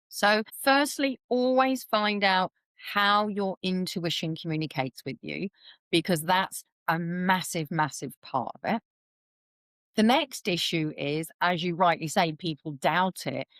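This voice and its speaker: A woman's voice: fairly low pitch, dry recording. A woman, a guest explaining things chattily in a podcast interview and acting out quoted voices as she goes. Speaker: intuitive reader, podcast guest.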